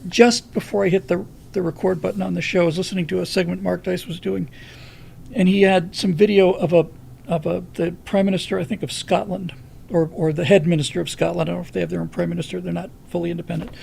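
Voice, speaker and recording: A man's voice: high-pitched, creaky, a little mellow, breathy edge. A man hosting a live stream, giving a rambling monologue of political commentary with lots of fillers and restarts.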